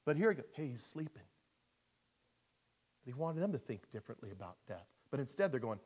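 A male pastor preaching a sermon in an animated storytelling manner, dropping to a hush and rising to shouts. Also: medium pitch, brisk, pauses often.

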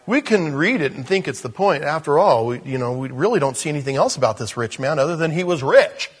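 Husky-voiced man preaching conversationally. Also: fairly high pitch, expressive, fairly quick. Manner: conversational preaching with asides and self-interruptions. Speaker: pastor. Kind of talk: sermon.

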